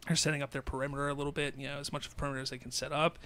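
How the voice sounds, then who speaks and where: Rambling higher-voiced podcast co-host man. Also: flat delivery, rapid-fire, a bit bright, a little hiss or hum. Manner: rambling, with many "you know" fillers. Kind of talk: casual chat, retelling a film plot. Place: indoor room, across a table from his co-host.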